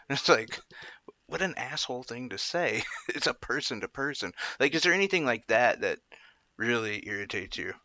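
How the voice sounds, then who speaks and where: A man's voice: mid-range voice, animated, fairly quick, pushed and bright, dry recording. A man hosting a casual interview, asking rambling questions and laughing easily. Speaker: interviewer host. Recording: dull, dry lo-fi recording.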